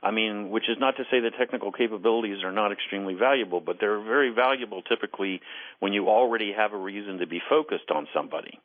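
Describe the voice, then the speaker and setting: A man, a former intelligence case officer, speaking as a guest on a call-in radio interview. He is earnest and deliberate and often repeats words as he starts a thought. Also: on the low side. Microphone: telephone. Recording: phone line.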